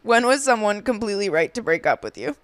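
Woman, podcast co-host, blunt, crude humor, smooth clear voice, dry close sound. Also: mid-range voice, very animated, fast talker, dry recording. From Boston, USA. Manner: blunt, crude, laughs often. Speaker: podcast co-host, stand-up comedian. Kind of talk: casual chat.

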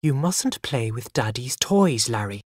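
A man puts on a calm, firm storybook mother, her voice lifted somewhat higher than his own. She speaks patiently, with a quiet, insistent authority, the pitch rising and falling freely. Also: a little slow, husky, no room sound, studio quality, full character voice.

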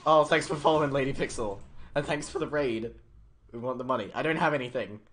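A young man giving excited, stammering live commentary on his game stream, laughing often. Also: medium pitch, fast, soft background music.

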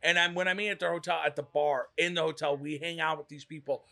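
A man co-hosting a casual reaction chat, talking fast and excitably. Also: a little high, creaky. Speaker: co-host.

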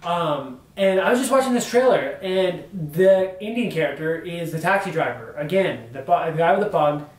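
Young male co-host, slightly high voice, earnest and filler-heavy, recorded from afar in an echoey room. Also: lively intonation, moderate pace. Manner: earnest, building arguments with many fillers. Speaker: discussion co-host. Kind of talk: casual discussion on camera. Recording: roomy sound from a distant mic.

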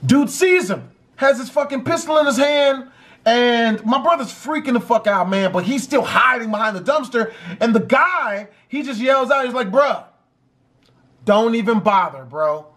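A man telling a story in a casual, profane and animated way. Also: very high voice, normal speed.

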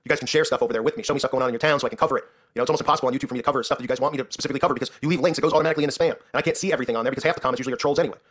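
A man's voice: mid-range voice, very fast, a bit bright. A man hosting his own commentary show, ranting in an indignant, sarcastic way and often tagging lines with "right?".

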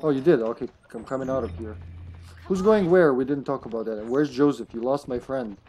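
A man streaming a survival game live, chatting excitably, joking and swearing as he plays. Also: medium pitch, a little fast, a little hiss or hum. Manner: excitable, swears, jokes around. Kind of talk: live gameplay chat.

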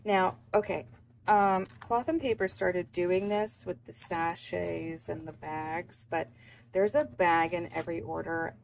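A woman's voice: lowish voice, steady tone, a little slow, creaky. A young woman chatting casually and rambling with lots of fillers as she unboxes planner supplies at her desk at home. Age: young adult. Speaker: planner vlogger. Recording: noisy background.

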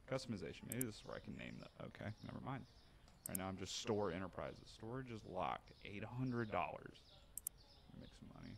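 A man giving casual gameplay commentary, narrating his own moves with animated mock outrage. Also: fairly low pitch, brisk, creaky, a little hiss or hum. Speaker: gaming streamer.

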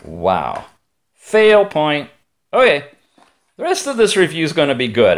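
A man walks through a gadget in a hands-on review, chatty and prone to playful digressions. His voice sits a little high and swings widely in pitch as he exclaims over details. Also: wildly swooping pitch, measured pace, vocal fry, pauses often. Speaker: tech reviewer.

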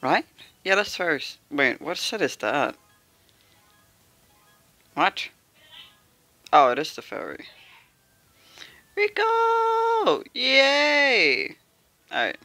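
Excitable young gamer with a gravelly edge. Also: mid-range voice, normal speed, dry recording, faint music behind. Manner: excitable, pleading calls and squeals. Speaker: gameplay streamer. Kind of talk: casual gacha gameplay commentary.

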